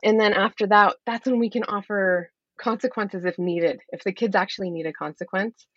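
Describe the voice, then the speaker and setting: A woman's voice: medium pitch, normal speed, dry recording, lo-fi sound. A woman life coach talking earnestly as a podcast guest, explaining her methods and acting out what she says to her kids. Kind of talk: podcast interview.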